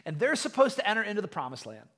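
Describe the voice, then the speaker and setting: A male pastor delivers a sermon in a casual, conversational way, full of quick restarts. His voice sits a little on the high side, and he swings between lively emphasis and quiet asides. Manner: animated, storytelling, frequent restarts.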